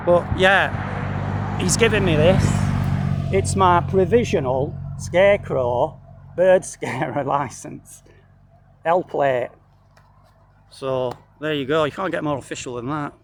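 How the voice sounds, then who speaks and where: A man's voice: a little high, takes it slowly, long pauses, slight background noise. Rambling man joking outdoors. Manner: dry, jokey, rambling, swears a lot. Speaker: vlogger. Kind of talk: rambling comic monologue to camera. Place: outdoors in a wheat field.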